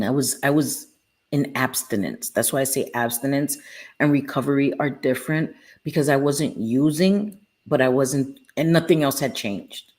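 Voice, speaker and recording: A woman's voice: a bass voice, darkish tone. A woman hosting a live stream, talking candidly and earnestly to her viewers about her recovery and answering them by name. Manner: earnest, heartfelt, reads out viewers' names. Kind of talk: candid casual talk to viewers.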